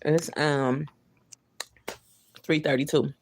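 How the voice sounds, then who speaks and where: A woman's voice: low-pitched, flat delivery, takes it slowly, a little hiss or hum. A woman hosting a casual livestream, chatting loosely with viewers in slangy talk, reading their comments aloud and chuckling often.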